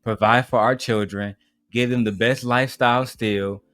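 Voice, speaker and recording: A man's voice: medium pitch, steady tone, moderate pace, a bit bright, no room sound. Guy hosting a live stream, cussing and ranting blunt, dry close sound. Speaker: livestream host. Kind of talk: casual reaction stream chat.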